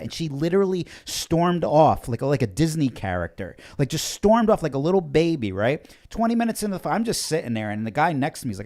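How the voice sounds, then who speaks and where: A man's voice: a little high, big pitch swings, fast talker, creaky, few pauses, a little mellow. A man telling a story as a guest on a talk show, emphatic and sarcastic. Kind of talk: animated storytelling.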